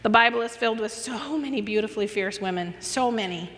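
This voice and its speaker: An American woman with a fairly high, bright voice gives a teaching at a church conference. She tells Bible stories in an animated way, slipping into playful voices for the people in them. Her voice carries with a long reverb through the church hall. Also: brisk, slight background noise. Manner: animated storytelling with acted-out voices and laughter. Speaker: conference speaker. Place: church auditorium.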